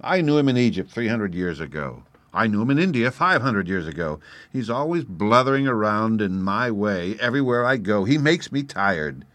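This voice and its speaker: A male audiobook narrator with a lowish voice, reading in the first person with a wry, expressive delivery. The recording is dry and close, with no room sound. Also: moderate pace, no echo. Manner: expressive, wry, animated in dialogue.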